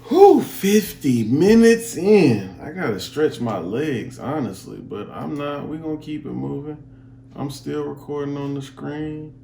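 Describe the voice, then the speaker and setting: A man's voice: a little high, animated, unhurried, vocal fry, mellow, reverberant, a little hiss or hum. A man streaming a reaction video, talking in a laid-back, casual drawl.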